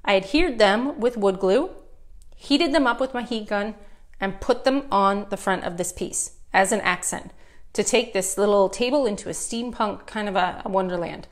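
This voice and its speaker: A woman's voice: mid-range voice, normal speed. A middle-aged woman with a Canadian accent, giving a chatty, upbeat live furniture painting tutorial and talking straight to her viewers.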